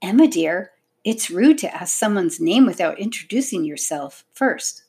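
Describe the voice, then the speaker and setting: A woman voicing a refined, old-fashioned governess in a storybook reading, gentle and prim. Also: mid-range voice, expressive, unhurried, breathy edge.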